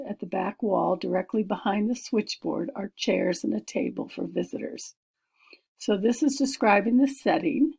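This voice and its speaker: A woman's voice: medium pitch, gravelly, warm tone, breathy edge, poor audio. A woman teacher reading a screenplay aloud to young pupils and explaining it step by step, with many fillers and asides.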